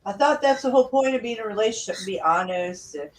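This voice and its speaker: A woman chats casually with emphatic indignation, her voice at a middling pitch. She sits back from the microphone, so she sounds distant and a little hollow. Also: animated, quick pace. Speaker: participant in a group chat. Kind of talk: casual chat. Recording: distant from the mic.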